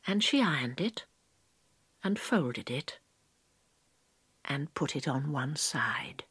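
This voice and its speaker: A woman reads a children's storybook aloud, soft and hushed, slipping into half-whispers. Her voice sits low and breathy but rises and falls with great liveliness, at an unhurried pace, recorded dry and close. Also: lively intonation, no echo.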